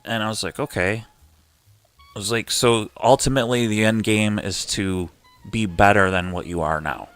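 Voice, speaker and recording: A middle-aged man hosting a live chat show, telling a long story in a loose, animated way and acting out the people in it. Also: on the low side, normal speed, no echo, faint music behind. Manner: rambling, animated retelling with quoted voices. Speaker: host.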